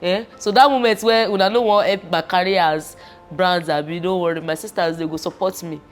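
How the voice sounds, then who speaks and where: Young woman, Nigerian accent, low voice, animated, mixes in Pidgin, faint background music. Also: brisk. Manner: animated, switches into Pidgin, emotional. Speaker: guest, fashion entrepreneur. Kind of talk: casual chat.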